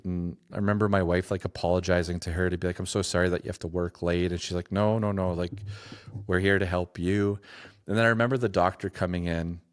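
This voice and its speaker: A man from Saskatchewan, a podcast guest telling a personal story in a halting, reflective way, full of restarts and "like". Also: low voice. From Saskatchewan, Canada.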